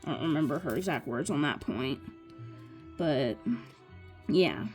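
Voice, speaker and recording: Young female vlogger, unhurried rambling storyteller, light music bed. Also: sits low, expressive, a little mellow. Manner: chatty, rambling, restarts mid-sentence. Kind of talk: casual storytelling while crafting.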